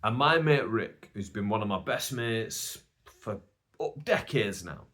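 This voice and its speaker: A man's voice: on the low side, lively intonation, measured pace, sharp tone. A British man hosting a casual solo podcast, telling a long story in a chatty, rambling way with many asides. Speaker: podcast host.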